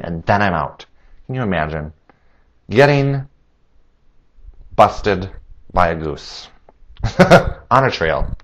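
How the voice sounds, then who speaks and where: Man, lowish voice, slightly nasal, rambling solo podcast chat. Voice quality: a little nasal. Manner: chatty, rambling, laughs at own jokes; acts out quoted voices in a higher pitch. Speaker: podcast host.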